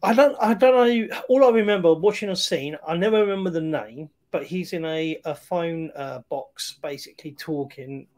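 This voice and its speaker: Hesitant higher-voiced man chatting. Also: moderate pace, hardly any pauses, a little mellow. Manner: hesitant, many fillers and restarts. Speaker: film review podcast co-host. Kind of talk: casual chat.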